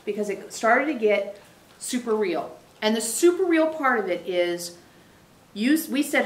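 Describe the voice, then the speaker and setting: A woman channeler speaking as "we" for a spirit group, giving an emphatic, animated teaching to a small live audience. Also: a little high, normal speed. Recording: echoey room.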